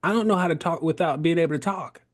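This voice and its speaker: A man's voice: fairly high pitch, quick pace. A man in his thirties, a podcast guest, telling his story in casual conversation, laughing often and acting out the voices he quotes.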